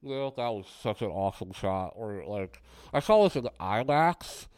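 An animated man co-hosting a podcast in casual chat, his voice smooth and resonant. The sound is dry and close, with no room around him. He talks in loose runs full of fillers. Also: lowish voice, normal speed, no echo. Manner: animated, loose, says "like" a lot. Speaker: podcast co-host. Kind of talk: casual film discussion.

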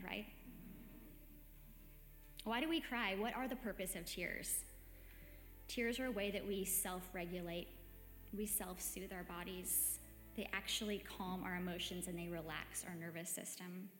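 A woman leading a devotional meditation talk in a gentle, reflective, conversational way with soft hesitations. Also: medium pitch. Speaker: meditation host. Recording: echoey hall with long reverb.

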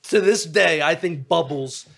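A man's voice: on the high side, measured pace, creaky, fairly bright tone, husky. A man with a Philadelphia accent, hosting a casual podcast chat, talking in a rambling, jokey, profane way. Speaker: podcast host.

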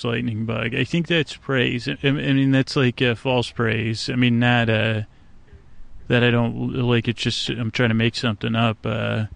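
A man with a gravelly, mid-pitched voice muses aloud to the creatures around a night swamp, stumbling through fillers and half-finished thoughts. His talk meanders without hurry, and the sound is close and dry. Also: level tone, measured pace, no echo. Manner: meandering, hesitant, full of restarts and fillers, talks to frogs. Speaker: sleep podcast host. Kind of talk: rambling improvised monologue to nature.

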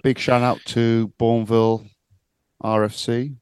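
A man co-hosting a casual chat podcast, giving his views in a brisk, plain-spoken way. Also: medium pitch, flat delivery, darkish tone, clear, resonant tone. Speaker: podcast co-host. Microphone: video call.

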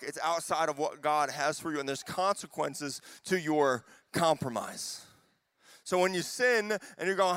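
A man preaching a sermon as pastor, impassioned, building to near-shouted peaks and dropping to quick asides. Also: fairly high pitch, no echo. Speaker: youth pastor.

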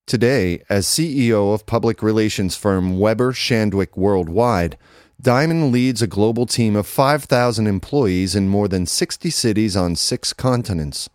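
Low-ish guy reading a news article, steady and even, dry close mic. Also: no echo. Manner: measured, even newsreader delivery, reading quotes aloud. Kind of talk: scripted read-aloud narration.

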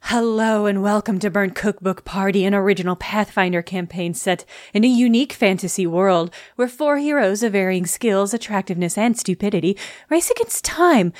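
A woman's voice: medium pitch, expressive, normal speed, no room sound, clean studio sound. A woman hosting a tabletop actual-play show, bubbly and giggly in casual chat. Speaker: host and player.

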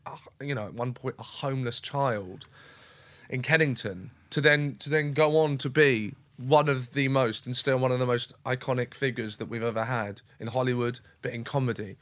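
A man's voice: medium pitch, fairly even intonation, moderate pace, a bit bright, dry recording. A man speaking as a comedian guest in a casual interview chat, enthusiastic and rambling, acting out little scenes as he talks.

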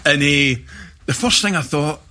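A middle-aged man with a Scottish accent, a guest telling lively football and film stories in casual chat. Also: on the high side, measured pace. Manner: animated anecdotes with laughter and acted-out shouts.

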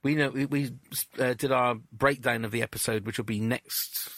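On a podcast, a male co-host chats casually in an interview-style conversation, frequently stumbling over his words. His medium-pitched voice is fairly bright with fairly even intonation, delivered at a moderate pace with no room sound.

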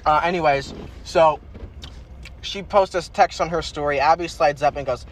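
A man's voice: a little high, normal speed. A man hosting a casual podcast, talking in a profane, boastful and swaggering way. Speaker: podcast host.

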